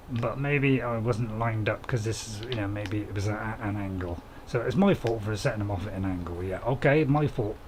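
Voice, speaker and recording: A man's voice: on the low side, normal speed, crowd noise. A man, casually commenting on a farming game while streaming and chatting to viewers in a rambling, self-mocking way.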